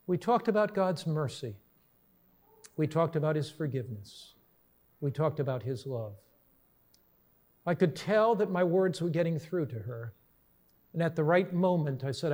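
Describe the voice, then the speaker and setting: A middle-aged male pastor preaching a sermon, telling stories earnestly and slowing down for emphasis. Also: fairly high pitch, lively intonation, a little mellow. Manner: earnest storytelling, slows for emphasis.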